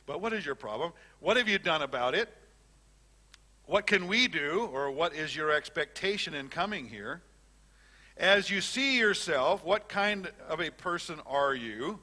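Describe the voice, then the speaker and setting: Bright-voiced older man teaching a class. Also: fairly high pitch, expressive, unhurried. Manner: conversational, repeats words and restarts, fillers. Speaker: Bible teacher. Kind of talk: classroom lecture on counseling.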